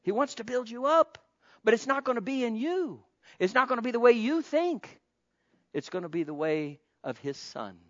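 Man preaching a sermon, high voice, impassioned, soft to loud, dull lo-fi recording. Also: very animated, normal speed. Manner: impassioned, swinging between soft pleading and loud exclamation; calls out to the congregation. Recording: dull lo-fi sound.

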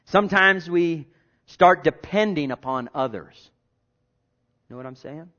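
A male pastor preaching a sermon in a conversational way, repeating himself and jumping from hushed asides to loud bursts. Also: fairly high pitch, lively intonation, a little slow. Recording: dull lo-fi sermon recording.

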